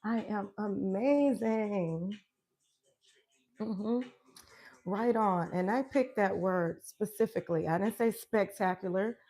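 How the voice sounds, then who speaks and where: A woman's voice: medium pitch, measured pace, a little mellow. Upbeat woman coach, emphatic affirmations. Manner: emphatic, affirming, laughs often. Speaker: wellness coach. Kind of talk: live-stream motivational chat.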